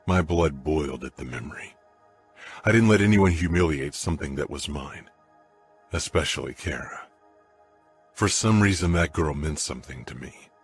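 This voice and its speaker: A man narrating an audiobook in the first person with a low, brooding delivery. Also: lively intonation, moderate pace, soft background music.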